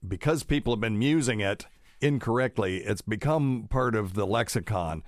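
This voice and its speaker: A man's voice: fairly low pitch, lively intonation, normal speed, no room sound, clean studio sound. A middle-aged man hosting his own podcast as a doctor, talking casually with lots of fillers and pedantic asides. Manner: rambling, pedantic, many fillers. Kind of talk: casual solo podcast talk.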